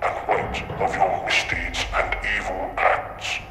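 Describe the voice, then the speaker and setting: An actor playing an unseen captor who lays down rules to his prisoners in slow, solemn pronouncements. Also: low voice, monotone. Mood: menacing. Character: unseen male captor voice judging captives, cold and menacing. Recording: echoey voice over loud music.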